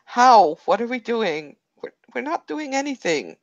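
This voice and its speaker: A woman's voice: fairly high pitch, sing-song, measured pace, no echo, dull audio. A woman playing a frightened pleading captive. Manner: pleading, stammering, repeating herself.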